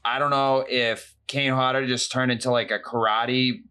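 A man's voice: mid-range voice, little pitch movement, normal speed, pushed and bright, clear, resonant tone. A man co-hosting a podcast, telling an exaggerated, profane story in casual chat. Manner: profane, rambling, hyperbolic storytelling.

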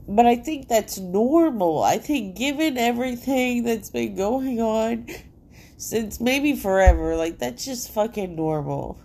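A woman's voice: fairly high pitch, animated, unhurried, vocal fry, darkish tone. A woman hosting her own podcast from home, rambling in a casual, profanity-laced monologue full of "like," her nose congested. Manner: profane, rambling, heavy filler "like". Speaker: solo podcast host.

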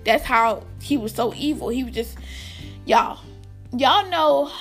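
Lively high-voiced woman telling a storytime. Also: slow, faint music behind. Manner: chatty, addresses viewers directly, laughs often. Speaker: vlogger. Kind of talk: casual storytime vlog.

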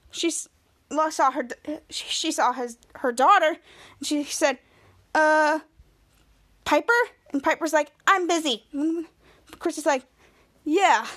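A woman's voice: high-pitched, a bit bright. A woman hosting a podcast, rambling through an episode recap with many fillers and restarts. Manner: rambling, filler-heavy retelling. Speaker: podcast host.

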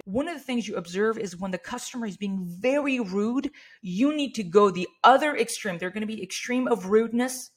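A woman's voice: medium pitch, expressive, moderate pace. A middle-aged woman and business owner coaching her staff on handling angry customers, earnest and encouraging, now and then acting out polite service phrases. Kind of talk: workplace training talk.

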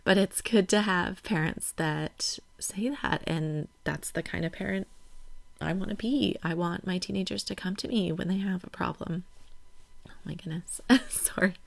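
A woman's voice: fairly low pitch, steady tone, normal speed, gravelly, dry recording. A woman in her thirties hosting a parenting podcast, talking reflectively in a casual solo way. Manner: reflective, gets emotional and laughs it off.

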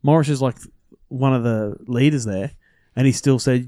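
Bloke, mid-pitched, chatty and sweary, dry close mic; casual sports banter. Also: male voice, normal speed, warm tone, no echo. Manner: rambling, swears often, lots of fillers. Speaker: podcast co-host.

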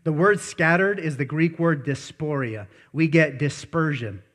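A man preaches a lively sermon in a fairly high voice. He talks bluntly and puts questions to the congregation. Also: unhurried. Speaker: pastor.

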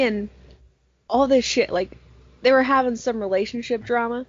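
A young woman chatting casually with friends and telling an animated story, swearing freely. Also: on the high side, normal speed, dry recording. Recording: muffled lo-fi sound, dry.

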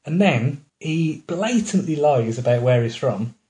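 A man's voice: on the high side, lively intonation, a little slow, dark tone. A man co-hosting a podcast, chatting casually about films he has just watched and often laughing. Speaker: podcast co-host. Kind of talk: casual film review chat.

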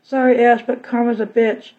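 A scheming young villainess who taunts her old friend with spite and mockery, as a woman reading the story puts her on. The voice sits a little high. The recording sounds dull and lo-fi. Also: little pitch movement, moderate pace, close to an everyday voice. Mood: spiteful. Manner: taunting, mocking.

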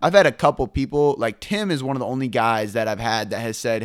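A young man and fitness trainer, talking fast and animated in a casual podcast chat and swearing freely. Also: medium pitch, smooth, no room sound, studio quality.

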